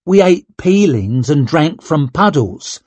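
A man's voice: a little high, big pitch swings, slow, darkish tone, dry recording, voice pushed up, exaggerated voice. A man voicing a prim would-be lady. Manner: prim, correcting. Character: working-class wife turned proper lady, prim.

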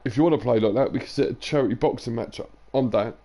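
A man's voice: mid-range voice, quick pace, dark tone. A tired young man chatting loosely and swearing to his viewers during a live game stream. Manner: loose, sweary banter to chat, drifting into sing-song and whispers.

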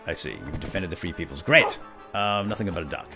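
A man's voice: deep voice, lively intonation, fast talker. Man playing a flustered self-important knight. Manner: playful, bumbling knight persona talking to his animals. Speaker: role-play gamer narrating in character. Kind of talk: comedic in-character role-play. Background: faint background music.

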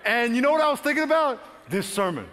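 A man pastor telling a funny personal story in a sermon, acting out his own frantic lines with bursts of shouting and laughter. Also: extremely high pitch, big pitch swings, fast, in a large hall, a little hiss or hum. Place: large church auditorium.

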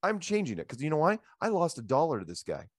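A middle-aged man hosting a show, telling rambling anecdotes in a casual, animated way into a handheld microphone. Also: fairly high pitch, quick pace, dry recording, clean studio sound. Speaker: show host. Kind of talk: casual storytelling chat.

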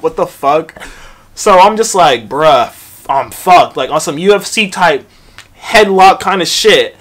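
A young man recounts a school story for his vlog, swearing freely and jumping into lively acted-out quotes. His voice sits a bit higher than most men's. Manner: profane, animated retelling with acted-out quotes. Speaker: vlogger.

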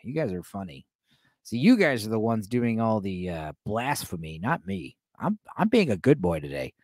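Lively joking man talking over a film. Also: fairly low pitch, normal speed, dry recording, studio quality. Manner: joking, rambling, addresses the chat with many fillers. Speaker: host reacting to a film for a live chat. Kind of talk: casual watch-along commentary.

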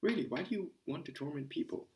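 A man's voice: a little high, animated, fast, gravelly, darkish tone, pitched above the performer's own voice. A man voicing a sick, irritable young man who pleads to be left alone in exasperation. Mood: irritated pleading. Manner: pleading, exasperated, rising into frenzy.

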